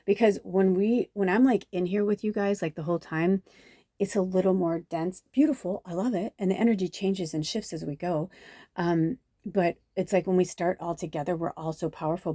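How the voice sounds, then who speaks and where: Mellow husky woman giving a spiritual reading. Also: lowish voice, moderate pace, no echo, clean studio sound. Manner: chatty, swears, many fillers. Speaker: psychic reader. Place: home near a busy road.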